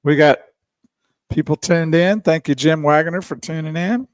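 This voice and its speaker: A man's voice: a little high, moderate pace, no echo. A man hosting a radio show, chatty, laughing and greeting listeners. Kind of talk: casual radio talk. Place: radio studio. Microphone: studio microphone.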